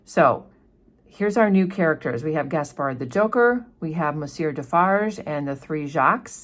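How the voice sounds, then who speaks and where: A woman teacher talking through a classic novel in a loose, chatty way, with many fillers and quick quoted lines from the characters. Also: low voice, expressive. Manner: briefly puts on plain character voices when quoting dialogue. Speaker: literature teacher. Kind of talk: casual book discussion.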